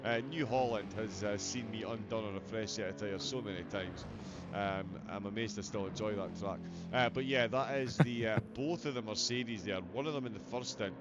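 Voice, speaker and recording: A man's voice: fairly low pitch, moderate pace, over loud music. A man commentating on a sim racing event in a chatty, self-deprecating, jokey way. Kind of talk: race commentary. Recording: slightly dull audio with background noise.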